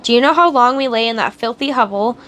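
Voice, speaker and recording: A woman reading aloud as a cruel male henchman, speaking softly and sneering. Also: fairly high pitch, quick pace, natural voice. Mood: menacing. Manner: sneering, taunting. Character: menacing male henchman, soft-spoken and cruel.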